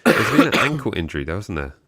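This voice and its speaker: A man's voice: fairly low pitch, very animated, fast, fairly bright tone, slightly rough, no echo. An English man co-hosting a football fan live stream, joking casually and reading out chat comments. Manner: jokey, reads chat aloud, chuckles and trails off. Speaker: co-host of a football fan show.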